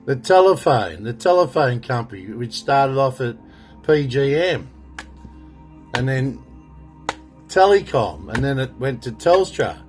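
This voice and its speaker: A man's voice: medium pitch, sing-song, a little slow, long pauses, soft background music. A middle-aged Australian man ranting indignantly in a rambling monologue, with frequent swearing. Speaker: political commentator. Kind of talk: monologue to camera.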